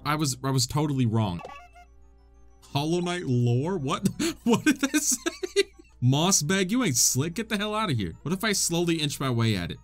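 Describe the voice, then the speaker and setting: A young man giving excitable let's-play commentary, often yelping and shrieking in frustration. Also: a little high, normal speed, faint music behind. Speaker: gaming video creator.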